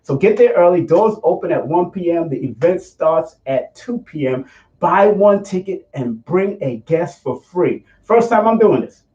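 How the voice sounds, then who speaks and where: Chatty male host, mellow muffled voice. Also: sits high, expressive, roomy sound. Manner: chatty, repeats details slowly for listeners. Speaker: show host. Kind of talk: casual interview talk. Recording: muffled lo-fi recording.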